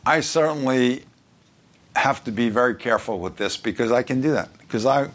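A pastor from New York with a New York accent, preaching in a conversational way with joking asides and scripture read aloud. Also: male voice, mid-range voice, normal speed. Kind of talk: sermon.

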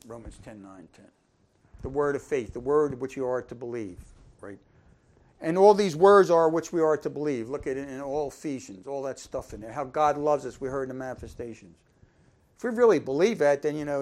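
A man preaching an informal sermon, conversational and folksy, asking the congregation questions and swinging between emphatic lines and quiet asides. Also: mid-range voice.

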